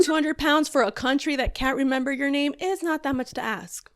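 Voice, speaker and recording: A woman performing a stand-up comedy set on a virtual video call show, animated and exasperated, laughing between her lines. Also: sits high, moderate pace. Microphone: video call mic.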